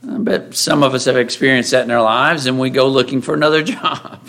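A man's voice: medium pitch, normal speed, vocal fry, fairly bright tone. A man preaching a sermon in a conversational way, often asking his listeners rhetorical questions.

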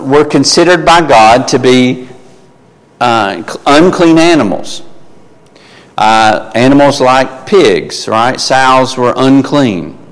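Man teaching a sermon in an echoey hall. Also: mid-range voice. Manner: conversational, halting, with many fillers and restarts. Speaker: preacher. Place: large room with echo. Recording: long reverb in a large room.

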